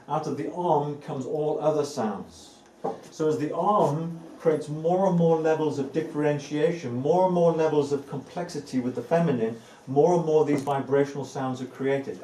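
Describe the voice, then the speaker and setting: A man's voice: a little high, warm tone, distant mic. Man teaching in an echoey room, off-mic. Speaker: spiritual teacher. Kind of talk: live evening talk to a group. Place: indoor room with a live audience. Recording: echoey room, voice off-mic, faint ambient noise.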